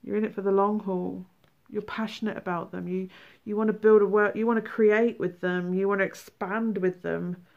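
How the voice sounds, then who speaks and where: A woman giving a tarot reading, animated, exclaiming and acting out feelings. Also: medium pitch, normal speed, creaky, few pauses, phone-quality sound. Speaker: tarot reader.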